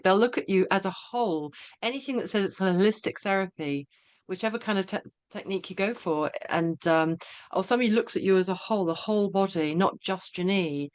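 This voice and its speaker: A woman hosting a webinar over a video call, agreeing warmly with her guest and speaking hesitantly with many fillers and restarts. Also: medium pitch, dry recording. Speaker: host. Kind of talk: casual webinar chat.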